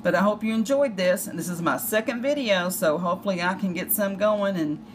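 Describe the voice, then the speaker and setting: Talking fairly quickly in a medium-pitched voice, a woman with a Southern US accent chats through a crafting tutorial. Her commentary rambles with self-deprecating remarks, captured in a noisy home recording.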